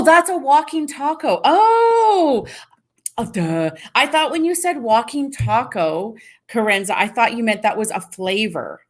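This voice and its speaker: A chatty middle-aged woman from Canada runs a live stream, reading out viewer comments and answering them on the fly. Her voice sits a little low for a woman, and she talks in a relaxed, conversational way. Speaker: host of a live fasting stream.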